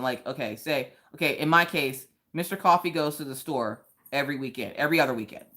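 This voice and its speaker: A woman's voice: deep voice, fairly bright tone. A woman hosting a casual craft livestream, chatting playfully, laughing often and reading viewer comments aloud. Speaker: livestream host.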